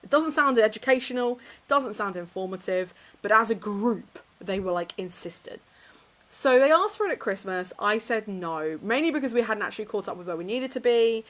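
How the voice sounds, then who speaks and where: A young woman hosts a casual reading livestream from her home office, chatting to her live chat in a mid-range, slightly bright voice. She's animated, speaks at a normal speed, pokes fun at herself and laughs often.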